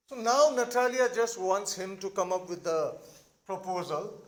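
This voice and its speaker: A man's voice: high-pitched, animated, moderate pace. A man with an Indian English accent, teaching and explaining a play to his students, checking in with "all right?".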